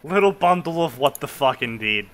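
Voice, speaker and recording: A man's voice: a little high, expressive, moderate pace, fairly bright tone. A young man casually reading fanfiction aloud and commenting, rambling, laughing and swearing.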